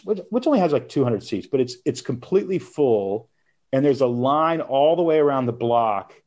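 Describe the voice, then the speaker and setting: A middle-aged man, an author and interview guest, telling a personal story in an animated way and laughing as he goes. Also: medium pitch.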